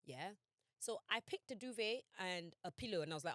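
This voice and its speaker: Animated young woman telling a story. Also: fairly quick, dry recording, clean studio sound. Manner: animated, emphatic, quotes herself and others with dramatic pitch swings. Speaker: podcast co-host. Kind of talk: casual storytelling chat.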